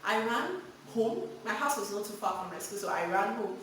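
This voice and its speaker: A woman gives frank parenting advice in an animated storytelling vlog. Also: medium pitch, moderate pace, slight background noise. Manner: animated, frank, laughs while telling stories. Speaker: vlogger giving parenting advice. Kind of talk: candid storytelling and advice monologue. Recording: very echoey room, mic at a distance.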